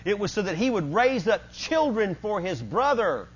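A man preaching a sermon as pastor, animated and conversational with quick asides. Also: high-pitched, slightly rough, lo-fi sound.

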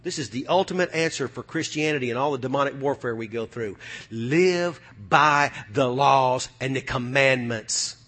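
A man's voice: medium pitch, normal speed, fairly bright tone. A man preaching a sermon as pastor before a live congregation. He speaks emphatically, rallying the room with repeated calls and rhetorical questions.

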